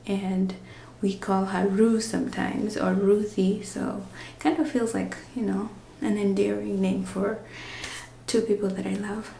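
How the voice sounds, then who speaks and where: A woman's voice: mid-range voice, vocal fry, warm tone, roomy sound, slight background noise. Chatty woman, half whispering. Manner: often whispering to avoid waking a napping baby; rambling, chatty, with many fillers. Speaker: vlogger. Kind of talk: casual vlog.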